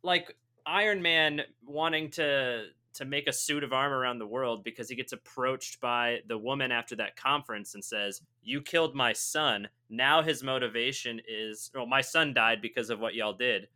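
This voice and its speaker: A man chatting through a movie review on a podcast, with a very bright, sharp edge to his voice. He rambles and jokes about himself as he goes. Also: mid-range voice, moderate pace. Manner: rambling, joking, self-deprecating. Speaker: podcast co-host. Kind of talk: casual movie review chat.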